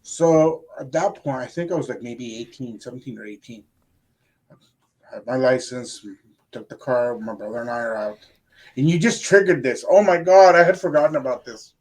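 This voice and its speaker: A man's voice: mid-range voice, normal speed. Middle-aged man, podcast co-host, easygoing storyteller, mixes in a little Spanish. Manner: relaxed storyteller, slips into Spanish phrases. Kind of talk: casual storytelling chat.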